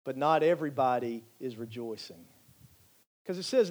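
A man's voice: medium pitch, lively intonation, moderate pace, a little mellow. A male pastor preaching a sermon in an earnest, emphatic way, repeating phrases for emphasis.

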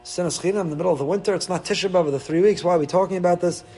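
A rabbi preaches a Torah sermon, pressing his points with rhetorical questions and lifting his voice when he feels strongly. His voice sits fairly high for a man. It has a husky, slightly breathy edge. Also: very fast, mellow, soft background music. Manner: emphatic, rhetorical questions, rising with feeling.

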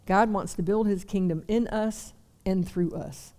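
At a church service, a young woman gives a sermon to a seated audience in a mellow, mid-range voice, unhurried and chatty, with self-deprecating remarks.

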